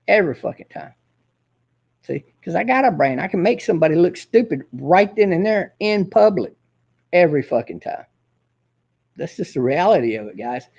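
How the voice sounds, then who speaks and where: A man's voice: high-pitched, creaky, darkish tone, husky, highs cut off. A man hosting his own show, ranting in a profane, combative and boastful way. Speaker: host. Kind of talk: casual ranting monologue.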